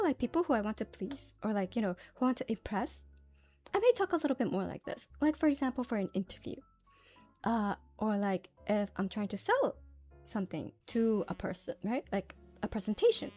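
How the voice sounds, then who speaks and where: A woman's voice: fairly high pitch, sing-song, normal speed, mellow, soft background music. A woman streamer chatting casually with her viewers, giggly and full of fillers.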